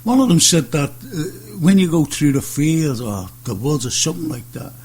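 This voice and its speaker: A man's voice: on the high side, animated, moderate pace, darkish tone, breathy edge, low-quality recording. A man hosting a radio chat show, jokey and chatty, telling his own stories. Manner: jokey, chatty, breaks in eagerly.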